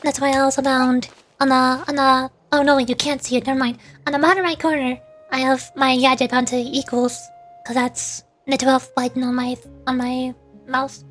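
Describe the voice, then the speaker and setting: A woman's voice: high-pitched, flat delivery, normal speed, fairly bright tone, faint music behind. A young woman streamer chatting casually while playing a game, giggly and rambling. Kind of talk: casual gameplay streaming chat.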